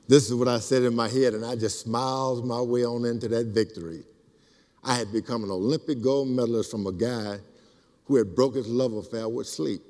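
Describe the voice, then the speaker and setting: An older man tells lively stories to a crowd, acting out each quoted line. His voice sits at an ordinary middle pitch. A long hall reverb trails behind every word. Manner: animated, acts out quotes. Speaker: speaker. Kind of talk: storytelling speech.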